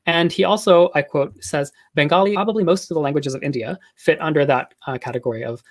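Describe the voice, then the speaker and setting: A man's voice: fairly high pitch, quick pace. A man giving an academic lecture on phonetics in a casual, explanatory way, with frequent ums and fillers. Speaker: linguistics lecturer.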